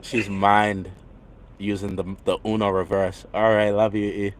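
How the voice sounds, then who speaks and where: A man's voice: fairly low pitch, little pitch movement, measured pace, slight background noise. A man with a New York accent chatting earnestly on a livestream while walking city streets. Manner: earnest, talkative, easy laughs. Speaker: livestream host. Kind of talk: casual livestream chat.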